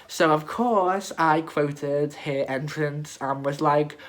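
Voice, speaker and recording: A man's voice: on the high side, unhurried, few pauses. A young man from Liverpool with a Scouse accent, telling a story to camera in a chatty vlog, full of fillers and asides. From England, Liverpool. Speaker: vlogger. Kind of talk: casual storytelling rant to camera.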